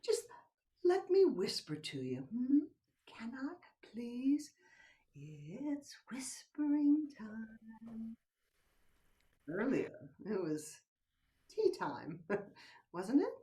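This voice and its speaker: A woman's voice: mid-range voice, huge pitch swings, slow, pauses often, warm tone, far from the mic. An older woman acting a playful wife who teases and coaxes her husband, in a stage play performed over a video call. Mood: seductive. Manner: coaxing, teasing, drops to whispers. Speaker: actor in a play. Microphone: computer mic on a video call.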